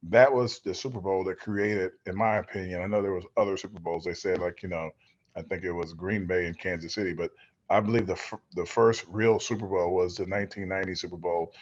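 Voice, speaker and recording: A middle-aged man and former football player, telling stories as a guest in a relaxed interview, rambling and acting out the voices of people he quotes. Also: deep voice, brisk, dull audio. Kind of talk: storytelling in a casual interview. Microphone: video call.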